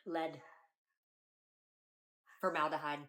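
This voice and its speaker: A woman's voice: low-pitched, flat delivery, slow, sharp tone, exaggerated voice. A woman playing a bossy know-it-all mom. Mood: scolding. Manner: bossy, lecturing. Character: preachy know-it-all mom scolding another parent.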